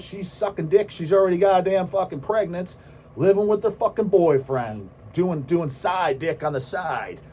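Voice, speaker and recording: A man hosting a metal vlog, ranting in a rambling, heavily profane monologue that now and then bursts into shouts. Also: high voice. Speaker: host of a metal vlog channel.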